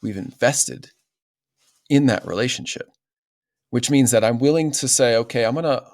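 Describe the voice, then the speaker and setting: A man's voice: medium pitch, unhurried, darkish tone, no room sound. A man as a podcast guest, talking in an earnest, explanatory way and often checking in with "right?". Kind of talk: casual interview talk.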